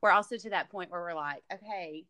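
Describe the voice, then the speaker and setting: A woman's voice: fairly low pitch, fast. A woman, co-hosting a casual chat, who laughs often and reflects on her own life. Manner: warm reactive listener, laughs often, reflective. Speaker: podcast co-host.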